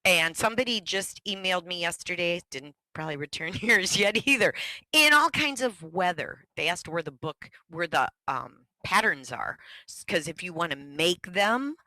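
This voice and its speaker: A woman leading an online music workshop for teachers, talking and breaking into high sung echo songs. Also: animated, normal speed, bright, forceful tone, studio quality.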